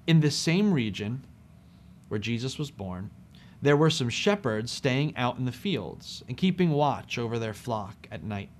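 A man preaching a sermon, speaking expressively and with emphasis, dropping soft on key phrases. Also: mid-range voice, slight background noise.

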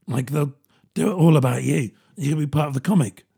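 A man's voice: on the high side, fairly quick, vocal fry, warm tone, husky. A British man in his thirties, rambling and self-mocking in a casual comedic monologue, laughing often. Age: 30s.

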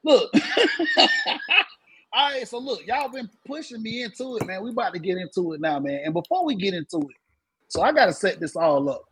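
A man's voice: high-pitched, expressive, a little fast, slight background noise, poor audio. A man hosting a casual sports talk show. He sounds laid-back, and ends many lines with "man.". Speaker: podcast host.

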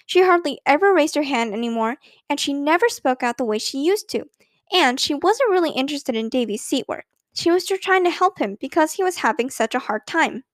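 A woman narrating a children's story in an expressive reading voice. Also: high-pitched, fairly quick, dry recording, clean studio sound. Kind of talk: scripted narration.

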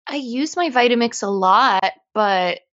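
A woman from Los Angeles, a fitness instructor, chatting on a podcast in an upbeat, animated way. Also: on the high side, measured pace, lo-fi sound. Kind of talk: casual podcast chat.

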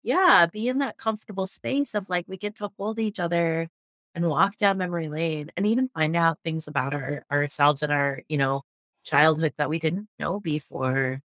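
A woman chatting casually as a podcast host, animated and swearing freely, with lots of "like" fillers. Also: low-pitched, normal speed, no echo, clean studio sound. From Los Angeles area. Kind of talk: casual chat.

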